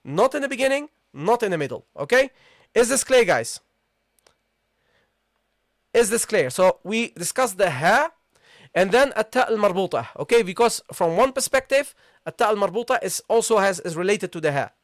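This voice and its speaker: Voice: medium pitch, very animated, fast talker, dry recording, studio quality. A patient language teacher giving a live online lesson, repeating key points and checking in with the class. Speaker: Arabic teacher.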